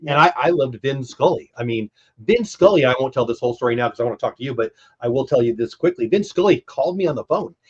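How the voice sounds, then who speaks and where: A man's voice: mid-range voice, lively intonation, fast talker, slightly rough. A man hosting a casual baseball watch-party livestream, calling plays and chatting in an enthusiastic, rambling way. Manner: enthusiastic, rambling, talks over others. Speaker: livestream host. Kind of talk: casual livestream chat with play calls. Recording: dull lo-fi stream audio.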